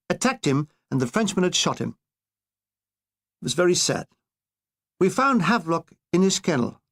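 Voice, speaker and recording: A man reading a comic war memoir aloud in a wry, deadpan way. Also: sits high. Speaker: narrator.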